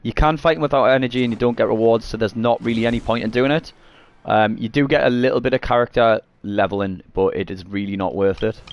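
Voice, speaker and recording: With a mid-range voice and fairly even intonation, this man talks fast and barely pauses. He's a gaming streamer casually explaining gameplay, wandering off track and fixing his own mistakes, while garlic-induced coughs and throat clearing repeatedly break in.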